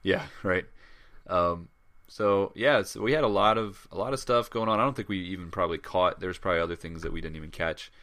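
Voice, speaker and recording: A man's voice: deep voice, fairly quick, fairly bright tone. A man co-hosting a podcast in casual chat, rambling with lots of fillers and restarts. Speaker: podcast co-host.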